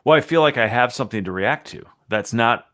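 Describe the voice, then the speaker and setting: A man's voice: medium pitch, animated, a little fast, fairly bright tone, no echo. A man co-hosting a live stream, answering in a thoughtful, reflective, lightly amused way. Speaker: co-host. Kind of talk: casual stream chat.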